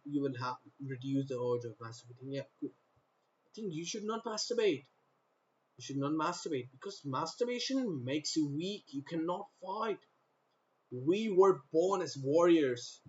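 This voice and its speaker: Rambling man from North India, lo-fi. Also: on the high side. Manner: rambling, with repeated phrases and stop-start sentences. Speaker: vlogger. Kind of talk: rambling to-camera monologue.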